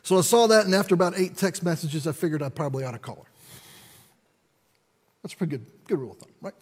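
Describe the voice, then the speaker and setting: A male pastor telling a story in a sermon, conversational and animated, acting out the dialogue. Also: a little high, fast, husky. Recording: long reverb of a large hall.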